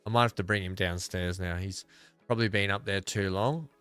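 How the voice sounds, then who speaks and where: A man's voice: low voice, fairly even intonation, fairly quick, fairly bright tone, clean tone, no echo, faint music behind. An Australian man giving casual, rambling gameplay commentary, thinking aloud as he plays. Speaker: gaming video creator.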